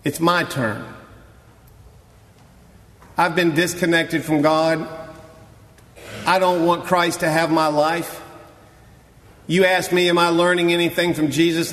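A man preaching a sermon as a pastor, dramatic and emphatic, dropping to hushed tones and rising to loud cries. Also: a little high, level tone, moderate pace, pauses often, big-room sound.

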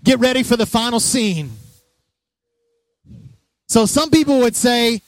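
A pastor preaching a sermon with energy, joking asides and direct questions to the congregation. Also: male voice, extremely high pitch, measured pace, long pauses, dry recording, clean studio sound.

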